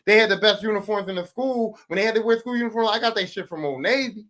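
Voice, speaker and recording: A man in his forties hosting a podcast, telling a profane, animated comic rant that swings from loud bursts to low mutters. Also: quick pace. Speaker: podcast host. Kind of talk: casual comedic rant.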